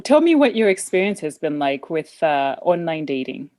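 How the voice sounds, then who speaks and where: A woman's voice: sits low, very animated, normal speed, a little mellow. A woman hosting a podcast, chatting casually and telling a personal story with plenty of fillers. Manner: chatty, anecdotal, with frequent fillers. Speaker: podcast host.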